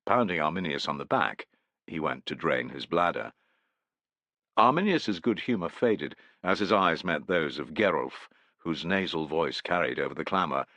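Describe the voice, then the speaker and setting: A man's voice: rumbling low, expressive, moderate pace, sharp tone, dry recording. A man narrating a historical war novel in a scripted, dramatic reading. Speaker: audiobook narrator.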